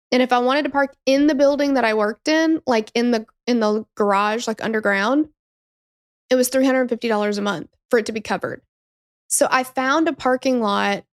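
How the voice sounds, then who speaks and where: A woman in her thirties hosting a true crime podcast, telling the story in a chatty, digressive way, swearing and acting out quotes. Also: a little high. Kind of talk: casual storytelling chat.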